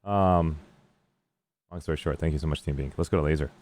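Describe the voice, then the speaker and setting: A man's voice: rumbling low, a little fast, darkish tone. A man hosting a casual gaming stream discussion, encouraging his guests and joking around. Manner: encouraging, jokey. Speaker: stream host.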